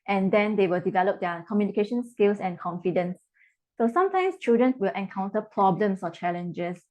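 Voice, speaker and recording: A woman's voice: medium pitch, a little mellow. A woman educator giving parenting advice on a webinar over a video call, explaining steadily with frequent ums. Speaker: educator and guest speaker.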